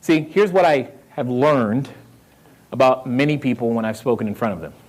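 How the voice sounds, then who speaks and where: A man's voice: mid-range voice, normal speed. A man with a Southern American accent giving a live motivational talk on real estate, quizzing the audience and repeating his key lines. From North Carolina roots. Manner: energetic, asks the crowd questions, repeats key lines.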